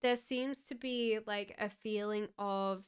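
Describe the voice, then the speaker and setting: A woman giving a live-streamed tarot card reading, speaking gently and haltingly with many fillers. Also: mid-range voice, steady tone, clear, resonant tone. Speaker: tarot reader.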